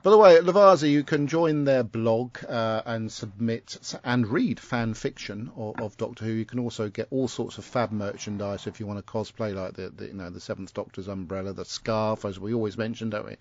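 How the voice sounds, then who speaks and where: A man's voice: lowish voice, a little fast, few pauses. A man with a southern English accent hosting a podcast in a rambling, self-correcting chat. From Isle of Wight. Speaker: podcast host. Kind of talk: casual chat. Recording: dull lo-fi home recording.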